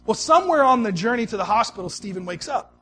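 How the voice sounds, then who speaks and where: A male pastor delivering a sermon in a conversational, storytelling way, swinging between soft, quiet stretches and emphatic ones. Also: high voice, lively intonation, fast, soft background music.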